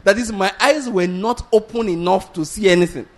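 Male preacher, blunt, lively delivery in a slightly higher register, keeps checking the congregation follows. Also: normal speed. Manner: animated, blunt, asks the congregation rhetorical questions; laughs between points, restarts sentences. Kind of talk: sermon.

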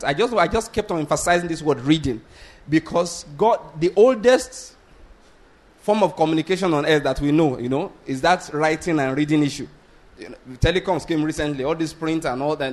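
A man preaching a sermon, blunt and animated, often asking the congregation whether they get his point. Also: fairly high pitch. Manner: animated, blunt, asks the congregation rhetorical questions; laughs between points, restarts sentences.

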